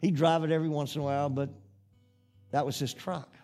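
A middle-aged preacher with a high, light voice tells a homey story from the pulpit and builds into earnest, fervent preaching. Faint music plays softly beneath him. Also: male voice, flat delivery, fairly quick. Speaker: pastor. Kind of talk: sermon with personal story.

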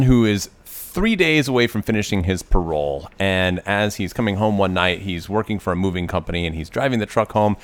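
Low-voiced man co-hosting a film podcast. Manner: rambling, filler-heavy retelling. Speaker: podcast co-host. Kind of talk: casual chat.

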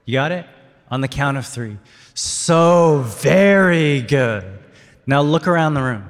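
A male pastor leads his congregation through a sermon, coaxing them to answer back. His voice sits at an average pitch and swings from hushed reflection to eager shouts. A long hall reverb trails each phrase. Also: a little fast. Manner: leads the congregation in call-and-response, rising to excited shouts. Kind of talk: interactive sermon. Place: church hall.

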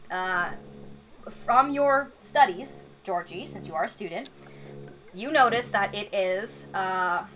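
A woman runs a tabletop game as game master, describing scenes and calling for rolls. Her voice is bright and ringing at an ordinary pitch, and she rambles with fillers and restarts. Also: a little hiss or hum.

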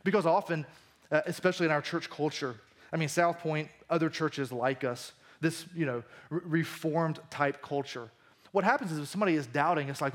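A man preaching a conversational sermon as pastor in a church, swinging between emphatic lines and hushed ones. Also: fairly high pitch, expressive, moderate pace.

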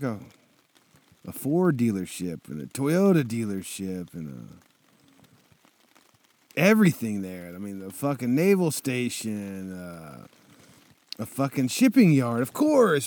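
A man's voice: a little high, a little mellow, dry recording. A young man casually telling a motorcycle trip story, laid-back and swearing constantly, with lots of fillers.

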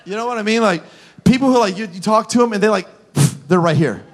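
High voiced pastor guy, funny animated sermon, shouts n acts stuff out, church crowd. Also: quick pace. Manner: animated, self-mocking, acts out scenes with shouts. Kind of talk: humorous sermon storytelling. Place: church auditorium with live congregation.

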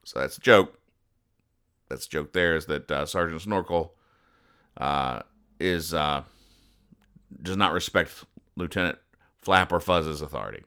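A man hosting a podcast, recapping comic strips in a casual, deadpan way and explaining each joke. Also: extremely low pitch, measured pace, pauses often, clear, resonant tone. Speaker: podcast host.

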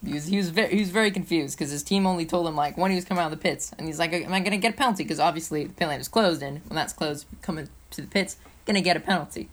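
A woman's voice: fairly low pitch, racing, hardly any pauses. A young woman co-hosting a casual podcast, chatty and joking as she recaps a race. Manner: chatty and playful, jokes often. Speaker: podcast co-host. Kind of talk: casual chat about motor racing.

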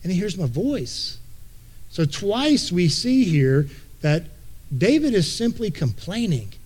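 High-voiced pastor in a folksy sermon. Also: male voice, sing-song, slow pace, darkish tone, breathy edge. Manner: folksy, repeats words as he thinks aloud. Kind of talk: conversational sermon.

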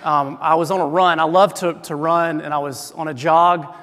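A man's voice: on the high side, fairly even intonation, normal speed, fairly bright tone. A middle-aged man preaching a sermon as pastor, in a conversational way with self-deprecating humor, in a church sanctuary. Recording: long hall reverb.

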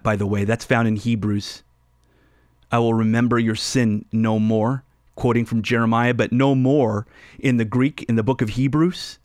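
Slow, emphatic male radio Bible teacher. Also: on the low side, no room sound, clean studio sound. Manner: emphatic, stresses and repeats key phrases.

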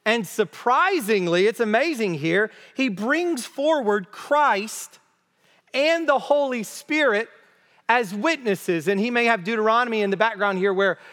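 A high-voiced man delivers an expository sermon at a slow, deliberate pace. He is emphatic and repeats key phrases for weight. His voice carries a long reverb, as if he is in a large hall. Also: animated, a bit bright. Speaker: preacher.

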